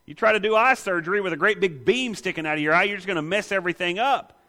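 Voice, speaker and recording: Male preacher, fairly high voice, emphatic sermon delivery with rhetorical questions, long hall reverb. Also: fast, pushed and bright. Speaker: pastor.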